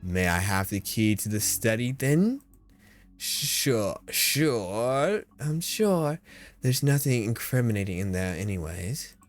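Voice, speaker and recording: A man voicing a prim, evasive young female nanny in a comic detective game, his put-on voice wobbling between pitches. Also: big pitch swings, slow pace, faint music behind.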